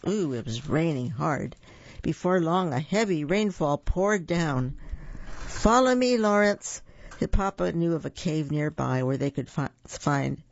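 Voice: medium pitch, creaky, darkish tone, dry recording. A storyteller reading a picture book aloud with chatty asides to young listeners, in a dull, dry lo-fi recording.

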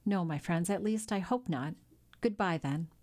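A woman voicing a kindly, ruined older male shipowner who speaks in a gentle, melancholy way in a storybook reading. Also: fairly low pitch, moderate pace, close to an everyday voice. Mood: sad.

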